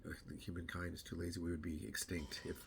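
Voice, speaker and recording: A man's voice: deep voice, level tone, fast, creaky, heavy background noise. A middle-aged man rambling casually to camera about his weight loss, repeating words and acting out what other people say.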